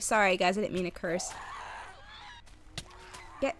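A young woman does a casual let's play, animated and sarcastic, talking to the game's creatures as she goes. Her voice is medium in pitch and unhurried, with a slight hiss or hum.

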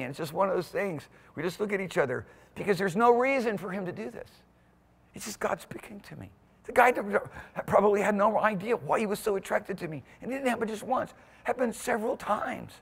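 A male pastor preaching a sermon in a church, swinging from quiet asides to whoops and shouts. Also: high-pitched, lively intonation, brisk, gravelly, breathy edge. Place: church sanctuary. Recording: long hall reverb in a church.

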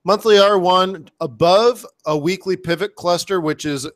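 A man coaching forex trading in live commentary, excitable and full of playful slang. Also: high-pitched, measured pace. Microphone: webcam setup.

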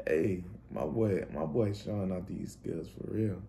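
A young man, bursting into loud exclamations over the plays. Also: deep voice, unhurried, gravelly, slight background noise. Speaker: reaction channel host. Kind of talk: casual sports highlight reaction.

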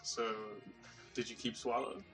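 A young man with a bright, forceful voice chimes in as a guest. He teases and speaks bluntly, swearing casually, with a touch of music under him. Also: medium pitch, flat delivery, a little slow. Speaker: guest co-commentator. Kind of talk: casual chat over a gameplay recording.

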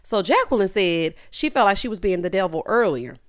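A woman giving a casual, sassy recap of a reality show, with animated asides to the viewer. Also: medium pitch, fairly quick.

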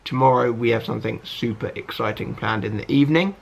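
A man's voice: mid-range voice, brisk, creaky. A young man in his twenties with a lisp from dental braces, chatting casually to camera in a rambling, friendly way. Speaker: vlogger. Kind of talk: casual vlog chat to camera.

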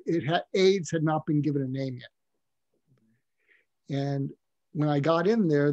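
An older man, a psychiatrist and interview guest, telling stories in a reflective, halting way with frequent restarts. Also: a little high, mellow, dry recording, dull audio. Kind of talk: storytelling in a conversational interview.

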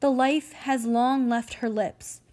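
A bustling nobleman father who hurries his servants along, read by a woman. He is brisk and bossy. It is a light classroom reading in a voice on the high side. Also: steady tone, a little mellow. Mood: grieving. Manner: brisk, ordering servants about.

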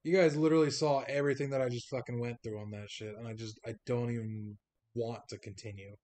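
A man's voice: mid-range voice, fairly even intonation, fast, slight background noise. A young man commentating his gameplay, exasperated and swearing constantly. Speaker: gaming streamer. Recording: loud game music behind. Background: loud game music.

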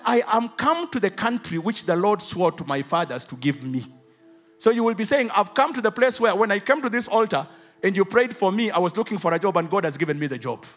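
Kenyan man, pastor, high-pitched and very animated delivery, sermon in church with faint music behind. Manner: preaching, asks the congregation questions.

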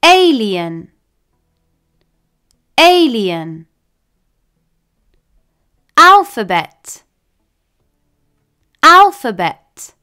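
A woman teaching English at a very slow, deliberate pace, spacing every word out carefully. Her voice is bright and sits fairly high. She moves up and down a lot in pitch as she enunciates each item. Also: very animated. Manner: says each word twice with long pauses, careful and deliberate. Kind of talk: slow, clearly enunciated word-list reading.

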